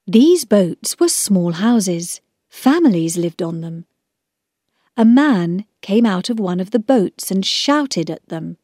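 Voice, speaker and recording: Woman reading a storybook, slow, lively pitch, dry close sound, clear and measured. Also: no room sound. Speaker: narrator.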